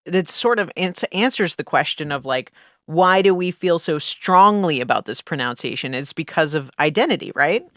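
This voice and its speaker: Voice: mid-range voice, lively intonation, normal speed, fairly bright tone, dry recording. Chatty host, says like a lot, dry close mic. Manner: casual, uses "like" often, engaged. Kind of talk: interview conversation.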